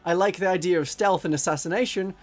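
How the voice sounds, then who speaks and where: A man's voice: sits high, fast. A man chatting casually on a livestream, joking and now and then slipping into silly voices. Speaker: streamer.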